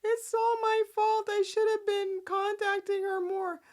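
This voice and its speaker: A woman voicing a frantic, guilt-ridden soap-opera mother in a high, fretful tone. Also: flat delivery, measured pace.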